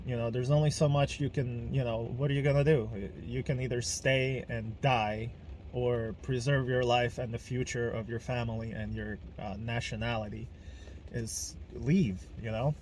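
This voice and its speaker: A man's voice: mid-range voice, flat delivery, moderate pace, a little mellow, a little hiss or hum. A man from Ukraine, hosting a casual podcast monologue in a blunt, emphatic way, swearing freely. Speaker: podcast host.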